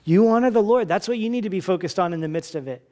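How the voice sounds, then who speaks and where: A man's voice: sits high, quick pace, a little mellow. A man preaching as pastor at a church service, earnest and exhorting, often restarting his words. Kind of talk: sermon.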